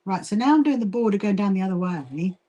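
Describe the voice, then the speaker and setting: A woman's voice: mid-range voice, lively intonation, fast talker, dark tone, lo-fi sound. Livestream host: southern English woman, chatty, greets viewers while she sews. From England. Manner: chatty, greets viewers, talks while working, frequent restarts. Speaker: livestream host and quilting association founder. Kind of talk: casual livestream chat while sewing.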